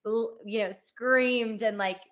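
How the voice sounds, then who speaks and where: A woman's voice: a little high, steady tone, takes it slowly, dull audio. A woman in her thirties hosting a podcast interview, chatting casually with plenty of "like" and "you know". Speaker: podcast host.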